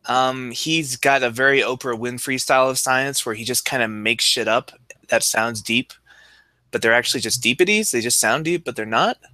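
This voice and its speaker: A man's voice: medium pitch, normal speed, sharp tone, dry recording. A young man co-hosting a podcast with dry, wry humor, who also reads passages aloud. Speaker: podcast co-host and teacher. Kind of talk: casual chat, reading aloud.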